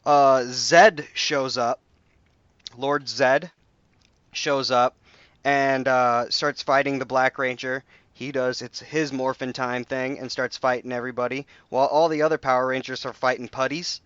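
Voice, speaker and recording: A young man talks through comic plots in a loose, rambling podcast chat. His voice is smooth and clear, but the sound is muffled and dry, close on a home mic. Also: medium pitch, fairly even intonation, unhurried, a bit bright, no room sound. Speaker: podcast co-host. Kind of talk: casual comic recap chat.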